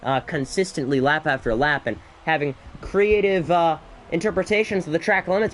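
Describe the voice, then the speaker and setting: A man doing solo live commentary on an esports race, excitable and a bit out of breath, with chatty asides between the action. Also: a little high, moderate pace, hardly any pauses, soft background music. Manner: excitable, rising to shouts in battles, chatty asides.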